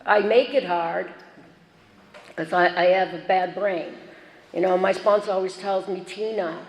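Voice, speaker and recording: A woman's voice: lowish voice, fairly even intonation, unhurried. A woman speaking at a recovery meeting, telling her own story in a chatty, self-mocking, joking way. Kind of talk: personal share at a recovery meeting. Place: meeting hall. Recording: echoey hall, faint background noise.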